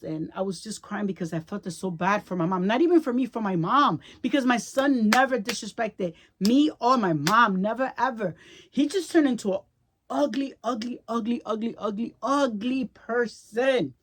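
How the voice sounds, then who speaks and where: A woman's voice: a little high, lively intonation, normal speed, a bit bright. A middle-aged woman vlogger telling a personal story in casual chat, emotional and repetitive, often checking in with the listener. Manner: emotional, chatty, repeats herself, checks in with "right?".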